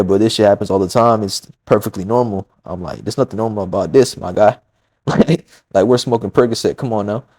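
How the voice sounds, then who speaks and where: A man with a fairly low, dark and relaxed voice tells a personal story in a loose, casual way. He rambles, swears freely, and slips into the voices of the people in his story as he quotes them. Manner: rambling, profane, animated retelling with quoted dialogue.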